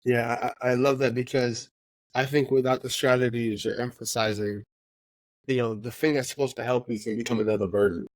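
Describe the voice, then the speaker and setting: A man's voice: mid-range voice, fairly quick, no echo. Emphatic man on a podcast. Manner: emphatic, repeats words when excited, laughs easily. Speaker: podcast co-host. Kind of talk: casual podcast conversation.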